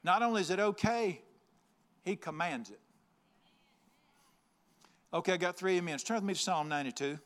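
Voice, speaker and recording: A man's voice: high voice, animated, normal speed, pauses often, fairly bright tone. A man preaching a folksy, joking, emphatic sermon. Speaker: pastor.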